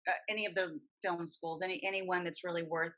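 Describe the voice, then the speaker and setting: Guesting on a casual podcast chat, a middle-aged voice actress and coach speaks a little fast in a lowish voice. She holds forth at length with animation and emphasis, and the recording quality is rough.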